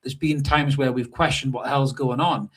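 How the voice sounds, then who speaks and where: Husky-voiced sweary man chatting football. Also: mid-range voice, normal speed. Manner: sweary, animated storytelling with mimicked shouts. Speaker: podcast co-host. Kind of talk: casual live fan chat. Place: hotel room. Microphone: remote call over hotel Wi-Fi.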